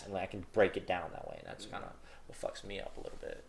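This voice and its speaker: A man's voice: low voice, wildly swooping pitch, very fast, vocal fry. A young man co-hosting a podcast in casual chat, rambling with lots of fillers and restarts, laughing easily. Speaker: podcast co-host.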